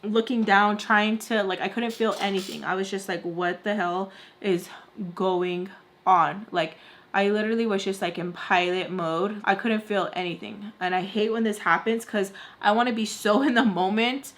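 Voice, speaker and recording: A young woman in the middle of a makeup storytime, rambling from one thought to the next with constant "like" fillers. She tosses the odd Spanish word into her English. Her voice sits at an ordinary middle pitch. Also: normal speed. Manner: rambling, heavy "like" fillers, animated retelling; drops in Spanish words. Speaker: beauty vlogger. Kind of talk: storytime while doing makeup.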